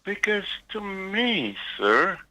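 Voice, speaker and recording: A man's voice: high-pitched, very animated, slow pace, sharp tone, rough recording. An older man calling in to a radio show, pleading earnestly and repeating "sir". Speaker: caller. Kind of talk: pleading call-in remarks.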